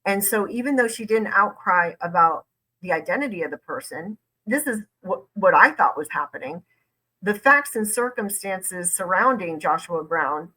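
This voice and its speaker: A woman lawyer talks through a case in casual commentary, leaning hard on key words and repeating them. Her voice sits a little low but comes across bright and forceful. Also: low-quality recording. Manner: conversational, emphatic, repeats points for stress. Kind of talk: reaction commentary.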